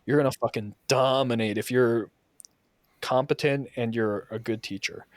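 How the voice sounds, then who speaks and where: A man talks in a casual podcast chat, swearing freely and getting worked up as he tells a story. His voice sits at an ordinary pitch and is recorded close and dry, with no room sound. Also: steady tone, normal speed, no echo. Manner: profane, heated storytelling. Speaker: podcast host and soccer coach.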